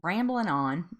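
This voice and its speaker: A woman hosting a live weight loss support chat, chatting casually, laughing often and reading out viewer comments. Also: a little high.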